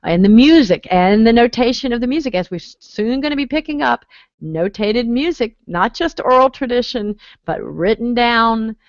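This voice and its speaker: A woman music history teacher in a casual online chat, talking reflectively with halting restarts. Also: fairly high pitch, expressive, dry recording. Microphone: video call. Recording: dull lo-fi video call audio.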